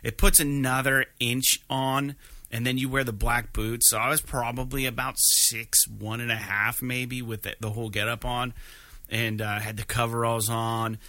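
A man's voice: medium pitch, moderate pace, no room sound. A man hosting a podcast, telling a rambling story in casual chat with lots of fillers. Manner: animated, rambling with many fillers. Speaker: podcast host.

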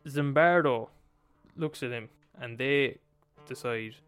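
A man's voice: mid-range voice, slow pace, a bit bright, clear, resonant tone, faint music behind. A young man retelling a story in a casual, profane way, acting out quotes as he goes. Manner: profane, swears freely, acts out quotes.

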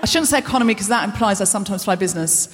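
A woman host delivers a live stand-up monologue, self-deprecating and full of rambling asides. Her voice sits in a middle pitch, and a long reverb from the big concert hall trails her words. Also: very fast.

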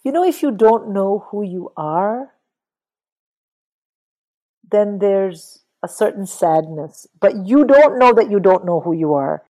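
A middle-aged woman talking casually about books in an interview, animated and swearing freely. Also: mid-range voice, slow, poor audio. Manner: animated, swears, mimics people in quotes. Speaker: guest.

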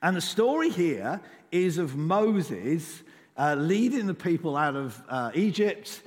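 A man's voice: fairly high pitch, big pitch swings, takes it slowly. A man preaching a sermon in an informal, conversational way, rising in emphasis on key lines. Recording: echoey church hall.

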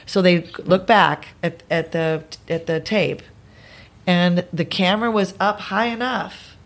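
A woman telling a long anecdote as a podcast guest, acting out the people in it with quick changes of voice. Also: on the low side. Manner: animated, acts out the voices in her stories. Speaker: guest performer.

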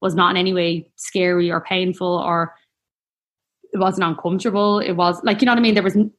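Chatty woman, slightly low voice. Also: steady tone, brisk, fairly bright tone. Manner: chatty, rambling, heartfelt, peppered with "like". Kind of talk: casual personal storytelling.

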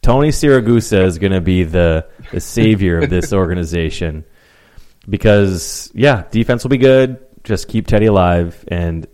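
Lowish-voiced man, sarcastic host. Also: lively intonation, normal speed, darkish tone. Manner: sarcastic, steers the talk. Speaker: podcast host. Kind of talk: casual sports banter.

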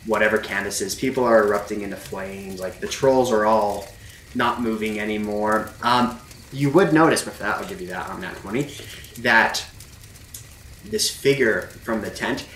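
Game master, male, relaxed rambling narration, recorded in an echoey room away from the mic. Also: fairly low pitch, moderate pace, recorded from a distance, a little hiss or hum. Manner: loose, filler-heavy narration with frequent "like".

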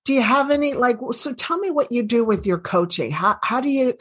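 A woman's voice: fairly high pitch, expressive, a little fast, husky. A middle-aged woman hosting a casual interview, chatty and laughing often. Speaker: podcast host, medical doctor.

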